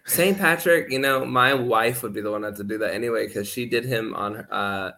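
A man's voice: mid-range voice, moderate pace, gravelly, sharp tone. A man who is a preacher, a guest on a podcast, chatting in an easygoing way. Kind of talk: casual podcast chat.

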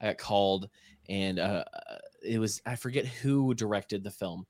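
A low-pitched man tells a lively anecdote on a podcast, jumping into the voices of the people in the story. The sound is dry and close, with no room around it. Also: unhurried, dry recording. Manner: animated anecdote-telling with acted-out quotes. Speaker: podcast co-host. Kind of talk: casual storytelling chat.

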